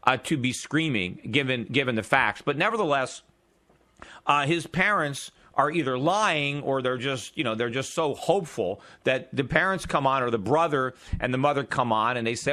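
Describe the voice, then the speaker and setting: A man's voice: mid-range voice, lively intonation, normal speed, bright, forceful tone. A man hosting a radio talk show, delivering an argumentative, emphatic political monologue with frequent restarts and filler.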